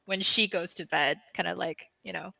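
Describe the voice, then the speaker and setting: A woman player describing her character's actions, giggling and hedging with fillers. Her voice is bright and forceful. The sound is dry and dull, like a lo-fi mic. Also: fairly low pitch, fairly even intonation, moderate pace, vocal fry, no room sound. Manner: giggly, hesitant, full of fillers. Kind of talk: casual tabletop play.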